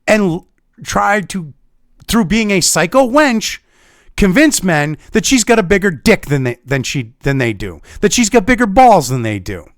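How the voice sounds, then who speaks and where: An angry, foul-mouthed man ranting sarcastically as a commentary vlogger. His voice runs fairly high and leaps around a lot in pitch. The sound is close and dry, with no room echo. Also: sing-song, moderate pace.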